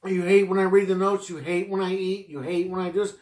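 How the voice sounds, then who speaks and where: A man riffing through a podcast monologue in a rambling, digressive way, cursing constantly. His voice sits a little high for a man. The room around him rings with a noticeable echo. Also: little pitch movement, a little fast, a little mellow. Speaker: podcast host. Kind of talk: rambling improvised comedy monologue.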